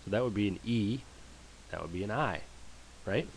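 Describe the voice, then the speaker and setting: A man's voice: fairly low pitch, normal speed, heavy background noise. A man teaching German pronunciation in a screen-share lesson, patiently repeating each word for practice.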